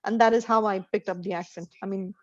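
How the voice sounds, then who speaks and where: A woman in her forties from India, an English tutor whose Indian English carries American-trained tones, talking in a chatty, expressive way with frequent laughs. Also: medium pitch, fast talker, no echo. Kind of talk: casual online conversation practice. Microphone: video call. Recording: dry lo-fi video call audio.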